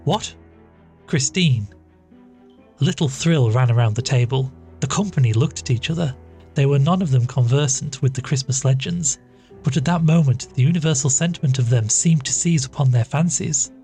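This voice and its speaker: A man reading a classic story aloud as storyteller, in a measured, steady manner. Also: medium pitch. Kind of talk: scripted narration of a classic story. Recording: faint background music.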